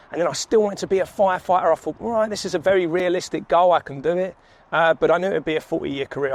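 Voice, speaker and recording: Man, 30s, slightly high voice, easygoing walk-and-talk vlogger, swears a lot, city street. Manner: laid-back, swears freely, laughs often. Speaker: vlogger, sales coach. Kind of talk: casual walk-and-talk storytelling.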